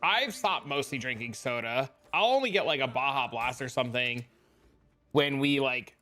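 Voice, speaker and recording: A man in his twenties hosting a livestream, chatting with viewers in a loose, heavily profane way, dropping dude and bro as he tells excitable stories. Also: medium pitch, moderate pace, soft background music. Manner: excitable storyteller. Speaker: livestream host. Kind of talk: casual livestream chat with viewers.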